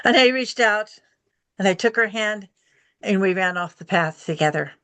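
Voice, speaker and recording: A woman telling a story aloud to a group, voicing the characters' lines with lively shifts in pitch. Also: normal speed, no room sound. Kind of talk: oral storytelling performance.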